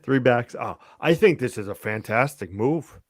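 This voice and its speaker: A man co-hosting a casual fantasy football chat, excitable and animated, with loud bursts. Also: mid-range voice, moderate pace. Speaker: co-host.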